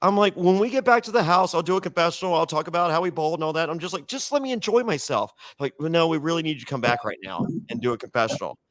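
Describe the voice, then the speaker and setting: A man tells a story in casual podcast chat, rambling and stumbling over repeated words while he acts out both sides of the dialogue. His voice sits a little high, and the sound is dry and close. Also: expressive, very fast, few pauses, fairly bright tone, no room sound. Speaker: reality TV guest.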